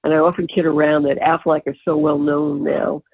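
An older woman, an advertising agency founder, telling animated stories in an interview and laughing often. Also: deep voice, brisk, gravelly, slightly rough, no room sound. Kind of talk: storytelling in an interview. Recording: tinny phone-like line.

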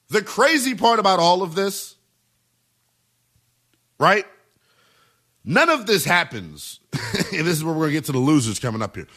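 A male sports radio host with a high, bright voice that rides up and down as he hammers his points home. He repeats phrases for emphasis in a punchy talk-radio monologue. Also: moderate pace, pauses often. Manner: emphatic, repetitive, animated delivery.

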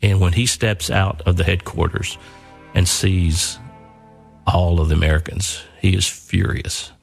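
A man's voice: low-pitched, fairly even intonation, measured pace, creaky, slightly rough, faint music behind. An older man earnestly telling a personal story, often repeating and restarting his words.

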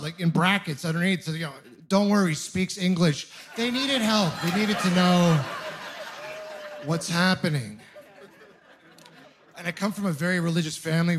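A young man from Ontario doing a stand-up comedy set in a club, telling self-deprecating, exasperated stories with quick asides. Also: high-pitched, fairly bright tone. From Canada (Ontario). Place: comedy club stage with audience laughter.

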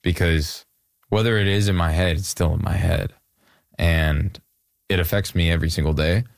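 A man's voice: low-pitched, normal speed, creaky, no room sound, clean studio sound. A young man in his twenties from Canada, a musician talking casually in a rambling way with lots of fillers. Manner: relaxed, rambling with many fillers. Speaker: musician guest. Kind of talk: casual interview chat.

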